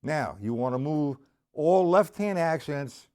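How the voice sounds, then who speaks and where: Loud music plays behind this man as he runs a live-streamed drum lesson, his slightly high voice animated but a bit slow. He breaks things down step by step and calls out viewers by name, blunt, informal, and given to the odd swear word.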